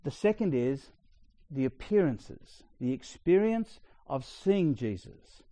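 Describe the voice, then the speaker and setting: A man's voice: a little high, expressive, takes it slowly, dark tone, no echo. Chatty Australian man preaching a sermon. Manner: conversational storytelling with asides.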